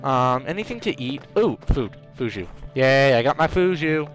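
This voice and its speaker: A man doing excitable let's play commentary, trash-talking the enemies in his game. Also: mid-range voice, moderate pace, faint music behind. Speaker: gamer.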